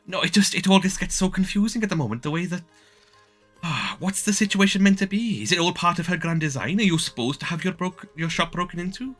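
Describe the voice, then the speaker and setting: A man's voice: high voice, expressive, fast talker, fairly bright tone, faint music behind, pitched above the performer's own voice. A man voicing an anxious, indecisive woman mayor with a Welsh accent, stammering and hesitant. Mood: fretful.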